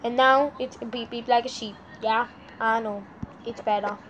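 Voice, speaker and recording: A woman's voice: on the high side, steady tone, unhurried, a bit bright, a little hiss or hum, low-quality recording. A sleepy woman vlogger rambling through casual commentary, easily frustrated and talking straight to her viewers. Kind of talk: casual screen-recording commentary.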